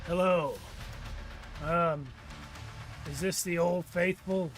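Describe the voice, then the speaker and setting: Man voicing a condemned gang member, formal, measured, slow, tabletop game. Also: high voice, fairly even intonation, faint music behind. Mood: businesslike. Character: grim condemned male gang member, businesslike.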